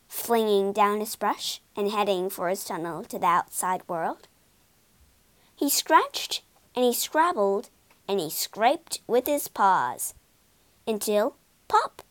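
A woman narrating a children's storybook in a clear, expressive, deliberate way. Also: mid-range voice, dry recording.

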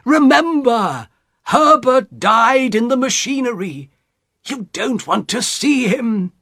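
A man playing a frightened old husband who shouts urgent warnings and commands. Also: very high-pitched, very animated, takes it slowly, husky, no echo, studio quality, pitched above the performer's own voice, exaggerated voice.

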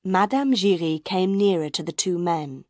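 A woman narrating an audiobook in a slow, clear, simple delivery. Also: on the low side, animated, a little mellow, no echo, clean studio sound.

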